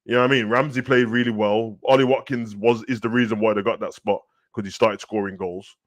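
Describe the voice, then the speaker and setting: Animated slangy Birmingham man. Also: fairly low pitch, a little fast. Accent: Birmingham English. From Birmingham, England. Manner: animated, slangy, repeats "bruv". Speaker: co-host. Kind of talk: casual football chat.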